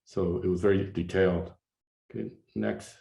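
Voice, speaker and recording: An older man from Canada walks an audience through his slides in a low voice, stopping and restarting often, his words padded with "uh" and "you know." The room is echoey, like a lecture hall. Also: little pitch movement, vocal fry, dark tone. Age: 60s. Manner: halting, many fillers and restarts. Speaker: artist giving a slide lecture.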